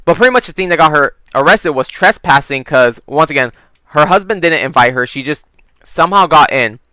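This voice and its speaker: Man, gaming vlogger, casual storytelling, rambling, swears a lot, smooth crisp voice, dry close sound. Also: on the high side, animated, fairly quick, pushed and bright, no room sound, low-quality recording. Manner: rambling, swears freely, heavy use of "like" and "um". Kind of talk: casual storytelling while playing a video game.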